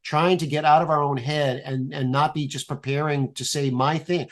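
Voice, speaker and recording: A man guest on a podcast, explaining an improv exercise in a playful, animated way and swearing casually. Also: fairly high pitch, normal speed, few pauses.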